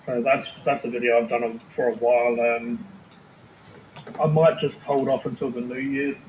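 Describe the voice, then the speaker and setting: A man's voice: mid-range voice, little pitch movement, moderate pace, darkish tone, highs cut off. Man in casual roomy chat. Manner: rambling, restarts often, swears casually. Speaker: food review video maker. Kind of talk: casual chat on a live stream. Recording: roomy space with faint ambient noise.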